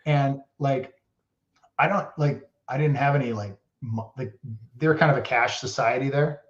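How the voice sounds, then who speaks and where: Guy rambling through old hockey stories, says like a ton, mid pitch, roomy muffled audio. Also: moderate pace. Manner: rambling, heavy use of "like". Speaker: podcast guest, former hockey player. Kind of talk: casual storytelling. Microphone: podcast mic. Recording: roomy, dull lo-fi podcast audio.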